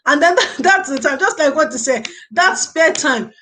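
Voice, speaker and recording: A woman's voice: high-pitched, lively intonation, normal speed, sharp tone. A woman hosting a casual live stream as a lecturer, chatting and answering viewers' comments in a rambling way, often saying "okay" and "you know". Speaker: live show host and early childhood lecturer.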